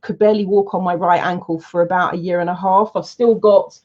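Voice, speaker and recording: A woman in her forties, a coach from the United Kingdom, telling her story to an online audience in an animated, emphatic way from a room at home. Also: lowish voice, a little fast. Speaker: coach and soul plan reader. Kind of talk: casual talk to an online audience. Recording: slightly dull, lo-fi audio.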